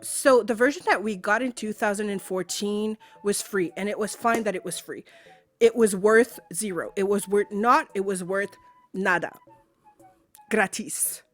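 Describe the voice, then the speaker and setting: A woman's voice: mid-range voice, moderate pace, soft background music. Fired-up woman streamer ranting. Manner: swearing, heated, sarcastic, repeats herself. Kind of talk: angry rant to a live stream chat.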